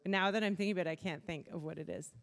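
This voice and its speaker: A woman's voice: on the low side, steady tone, racing, vocal fry. Woman from Canada, chatty, giggly, casual youth group host, echoing hall reverb. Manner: chatty, giggly, self-conscious. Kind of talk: casual livestream chat.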